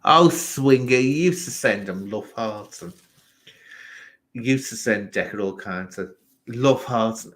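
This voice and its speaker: A man's voice: mid-range voice, a little slow, a bit bright. A man from England hosting a casual live stream, ranting animatedly and talking straight to people in the chat.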